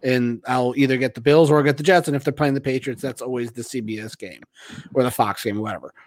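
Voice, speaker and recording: A man's voice: mid-range voice, fast. A man hosting a casual podcast, rambling with many restarts and trailing off. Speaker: podcast host.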